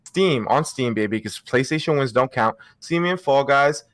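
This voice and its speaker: A man's voice: mid-range voice, expressive, moderate pace, fairly bright tone, no echo. A man on a podcast panel, trash-talking and joking casually over a remote call. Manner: joking trash talk, playful boasting. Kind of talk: casual chat.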